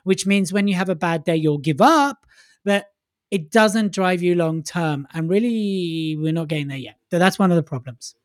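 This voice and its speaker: A man co-hosting a casual podcast, talking in a joking, lively way with quick asides. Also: high voice, no room sound, clean studio sound. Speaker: podcast co-host.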